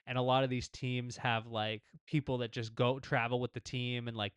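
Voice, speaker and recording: Laid-back podcast co-host guy, smooth voice. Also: mid-range voice, little pitch movement, moderate pace, no room sound. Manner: laid-back, fillers and frequent "yeah" agreement. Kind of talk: casual sports chat.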